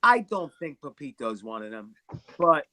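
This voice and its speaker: A man's voice: fairly high pitch, big pitch swings, normal speed, pushed and bright. A man hosting a casual livestream chat, talking in a rambling, chatty way. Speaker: live stream host.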